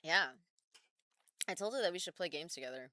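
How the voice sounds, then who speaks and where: A woman's voice: lowish voice, animated, a little fast, pushed and bright, no room sound, clean studio sound. A woman in her thirties, a wrestler chatting casually on a live stream, reading viewer comments aloud and answering them at home.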